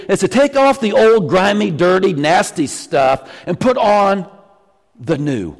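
A middle-aged man preaching to his congregation, his voice sitting a little high for a man. He is animated and teases his listeners as he goes. The sound carries a long echo from the church hall. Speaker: pastor. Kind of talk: sermon. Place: church sanctuary.

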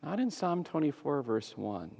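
A man preaching a sermon as pastor, dramatic, swinging between loud emphasis and hushed softness. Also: fairly high pitch, big pitch swings, moderate pace, gravelly, husky. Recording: long hall reverb.

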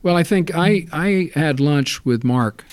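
A man recalling past film work in relaxed, rambling storytelling, full of fillers and restarts. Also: on the high side, unhurried, no echo. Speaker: interview guest.

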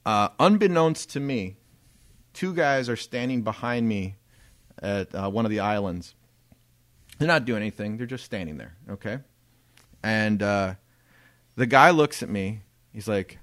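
A man's voice: fairly low pitch, lively intonation, unhurried, long pauses, fairly bright tone, no room sound. A man telling a story in a casual podcast chat, swearing freely and laughing often. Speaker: podcast co-host.

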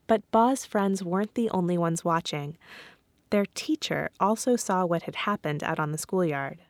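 A woman hosting a podcast, giving scripted narration in a clear, guiding tone. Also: fairly low pitch, moderate pace, no room sound, clean studio sound. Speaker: podcast host.

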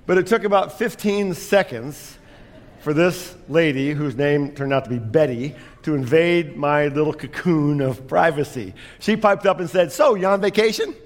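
A man's voice: a little high, moderate pace, in a large hall. A man preaching a sermon as pastor, telling a story with self-deprecating humor.

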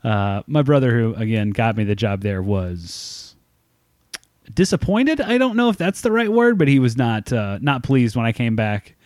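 A man in his thirties co-hosts a podcast, telling a long, self-mocking story packed with swearing and laughter in a casual storytelling chat. His medium-pitched voice is expressive and a little mellow, at normal speed. The recording is dry, with clean studio sound.

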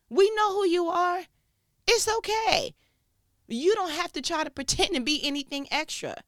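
New woman talking church stuff, animated, jumps high then drops low, dry close sound. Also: no echo. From New York. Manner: animated, swings between high mock voices and low confiding asides. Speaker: speaker on faith and church life. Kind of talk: casual monologue.

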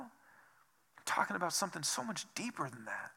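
A man's voice: a little high, sing-song, moderate pace, gravelly, sharp tone, husky. A man preaching a sermon as pastor, asking rhetorical questions over and over and dropping to a whisper for emphasis. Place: church.

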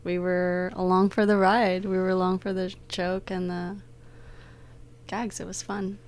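A woman's voice: fairly low pitch, flat delivery, measured pace, a little mellow, a little hiss or hum. A woman co-hosting a casual movie review podcast, easygoing as she talks. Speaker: podcast co-host.

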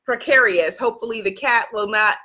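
A woman's voice: mid-range voice, fairly quick, sharp tone. A woman in her forties hosting a spiritual livestream from a makeshift home studio, greeting viewers by name and speaking in an effusive, inspirational way. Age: 40s. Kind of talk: casual livestream talk. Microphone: phone or computer camera.

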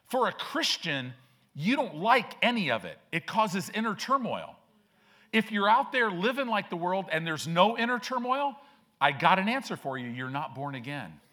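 A man's voice: sits high, big pitch swings, moderate pace, bright, forceful tone. A male pastor preaching a sermon in a conversational, slangy way, acting out quoted characters with a shifting voice. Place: church sanctuary.

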